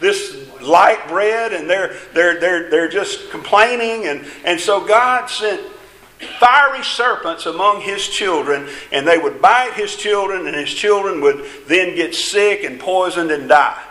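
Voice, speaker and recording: A man's voice: high-pitched, a little slow, pushed and bright, roomy sound, low-quality recording. A man preaching a sermon in a folksy, emphatic way, with small jests along the way.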